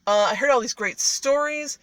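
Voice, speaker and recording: A sly flattering talking tomcat, as a woman puts him on. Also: high-pitched, moderate pace, no echo, pitched above the performer's own voice, natural voice. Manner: flattering, wheedling, casual slang. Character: sly smooth-talking male cat.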